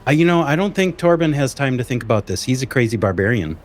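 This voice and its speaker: A man's voice: mid-range voice, expressive, fast talker, faint music behind. Upbeat man narrating his game character. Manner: upbeat, laughing, describing actions. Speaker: player. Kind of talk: playing a tabletop game.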